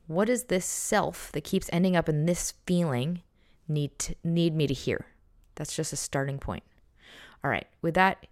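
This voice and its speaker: A woman's voice: low-pitched, dry recording, clean studio sound. A woman giving a casual self-help talk on journaling, reflective and conversational, often restarting her sentences. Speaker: journaling guide.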